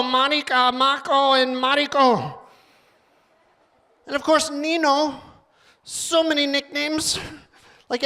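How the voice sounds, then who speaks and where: Man, stand-up comedian, high voice, animated, rattles off lists, club stage mic.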